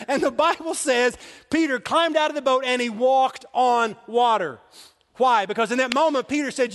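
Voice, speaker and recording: High-voiced preacher in a reverberant hall. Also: male voice, normal speed. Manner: animated storytelling, laughing often. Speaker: pastor. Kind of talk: sermon. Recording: long reverb of a large hall.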